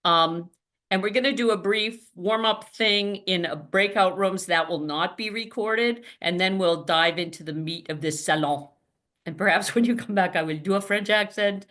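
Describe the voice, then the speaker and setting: A woman hosting a group video call, chatty and lively, laughing often and swearing freely. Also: mid-range voice, moderate pace. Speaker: podcast host running a video-call salon. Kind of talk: casual chat.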